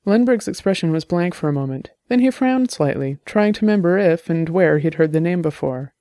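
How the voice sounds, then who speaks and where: Brief: steady audiobook narrator, gravelly and mellow, dry close sound. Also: medium pitch, a little fast, hardly any pauses, dry recording.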